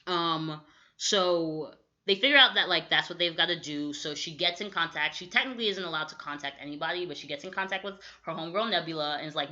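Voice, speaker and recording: A young woman co-hosting a podcast, recapping a movie in casual chat and acting out quick quotes, with lots of "like". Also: sits low. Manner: animated storytelling with quick acted-out quotes, lots of "like". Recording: dull lo-fi audio.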